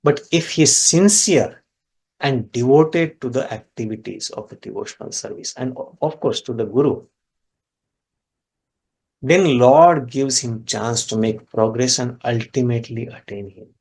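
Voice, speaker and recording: A man's voice: measured pace, breathy edge. Man telling a scripture story. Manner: explains Sanskrit words step by step; animated storyteller with sudden pitch rises. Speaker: spiritual teacher.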